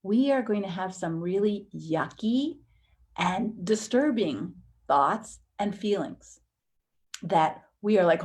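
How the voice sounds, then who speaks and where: A woman teaching a counseling course in a conversational way, acting out inner thoughts with sudden jumps in pitch. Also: expressive, slow, a little mellow.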